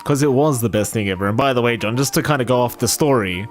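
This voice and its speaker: Rapid-fire male esports caster, jokey and rambling, faint music behind. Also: mid-range voice. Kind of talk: esports casting and banter.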